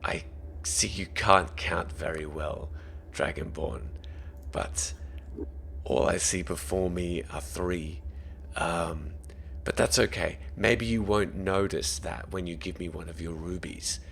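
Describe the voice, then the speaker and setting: A man's voice: deep voice, slow, vocal fry, fairly bright tone, a little hiss or hum, exaggerated voice. A man putting on a sneering Australian street thug. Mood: mocking. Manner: wheedling, mocking, turns jittery when hurt. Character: sneering male street thug from a lower-level gang.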